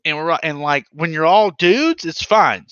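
A man chatting casually as a podcast host, rambling and swearing freely. His voice sits a little high and sounds bright and forward. The sound is dry and close, with a slightly dull, lo-fi tone. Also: measured pace, clear, resonant tone, no echo. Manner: loose, rambling, swears casually, many fillers.

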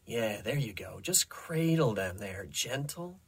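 A man voicing a pushy lab scientist who gives brisk, matter-of-fact orders. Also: lowish voice, sing-song, slightly rough, exaggerated voice. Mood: coaching.

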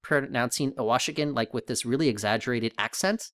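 Male co-host, mid pitch, chatty and rambling, dry close sound. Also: a little fast, fairly bright tone, no echo. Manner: rambling, thinking aloud with many restarts. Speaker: podcast co-host. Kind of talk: casual podcast chat.

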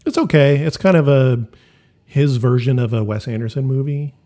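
A man's voice: mid-range voice, normal speed, mellow. Man, casual podcast chat, blunt, swears a lot, mocking. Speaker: podcast co-host.

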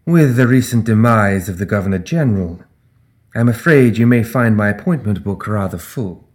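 A man's voice: on the low side, expressive, darkish tone, lightly acted. A man playing a mild, composed guild official. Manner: mild, measured speech.

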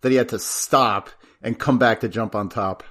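A man's voice: fairly low pitch, steady tone, moderate pace, fairly bright tone. A man co-hosting a podcast in a casual movie-recap chat, chiming in with enthusiastic quips. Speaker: podcast co-host.

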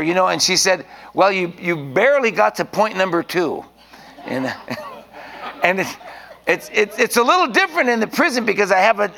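A man's voice: high voice, gravelly, fairly bright tone. A man preaching an informal sermon in a rambling, folksy way, often restarting his sentences.

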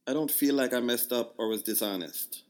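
A man's voice: mid-range voice, a little fast, close to an everyday voice. A man voicing a blunt, distrustful woman with a put-on Jamaican accent, reading out her curt, scolding text messages. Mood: guarded.

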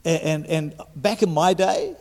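A man in his fifties with a New Zealand accent, preaching a sermon as a guest speaker, stumbling over restarts and swinging between loud and hushed delivery. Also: a little high, sing-song, measured pace. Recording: echoey hall.

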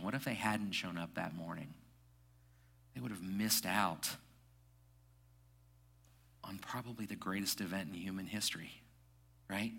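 A middle-aged male pastor preaching a sermon, alternating emphatic rising bursts with hushed, reflective passages. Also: sits low. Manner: drops to soft, hushed reflection.

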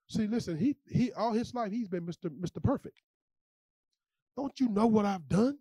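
A male pastor preaching a sermon in a lively, conversational way, repeating phrases and talking straight to the congregation. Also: sits high, normal speed, husky, dry recording. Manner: animated, conversational preaching with repetitions.

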